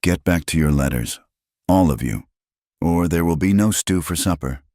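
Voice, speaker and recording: A man voicing a gruff, reticent rancher of few words in a low, terse way. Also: normal speed, dark tone, no echo, studio quality, natural voice.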